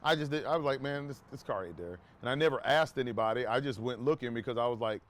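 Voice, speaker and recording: Man, casual storyteller, rambling, lots of asides, mid-pitched voice, dry close sound. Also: quick pace, no echo. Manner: rambling, with many restarts and asides; acts out quoted dialogue in a raised voice. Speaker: vlogger telling a personal story.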